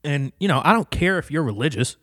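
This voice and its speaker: A man's voice: on the high side, animated, a little fast, a bit bright, dry recording, studio quality. A man in a heated, profane casual rant, repeating himself and swearing often as he gives his opinions. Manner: profane, heated, repetitive ranting.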